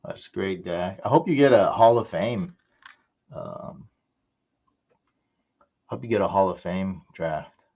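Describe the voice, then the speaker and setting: A young man chatting casually on a live stream as he drafts, excitable and repeating himself as he reacts. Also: low-pitched, takes it slowly, pauses often, highs cut off. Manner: excitable, hypes his picks with loud outbursts, repeats himself.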